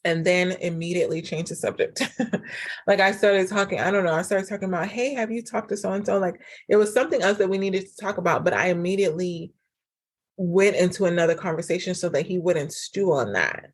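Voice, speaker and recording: Chatty woman podcaster with a lowish voice. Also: a little fast. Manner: chatty and animated, acts out quoted dialogue; frequent fillers like "like" and "um". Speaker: podcast host and relationship coach. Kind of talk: casual solo podcast monologue.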